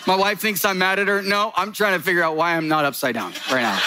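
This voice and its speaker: A man preaching a sermon in a church, joking and animated, laughing between his points. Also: sits high, heavy background noise.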